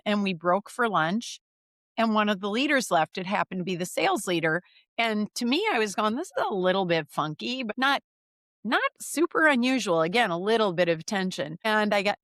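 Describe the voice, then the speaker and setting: Middle-aged woman coach from the Midwest, lively storyteller, dry close mic. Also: medium pitch, no room sound. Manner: animated, acts out quoted dialogue. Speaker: leadership coach. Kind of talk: conversational storytelling.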